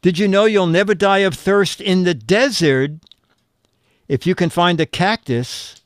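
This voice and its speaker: A male host reading viewer jokes on a casual streamed show, slow and fumbling as he hunts through his papers and chuckles along. His voice sits a bit high for a man and he takes his time. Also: no room sound, studio quality.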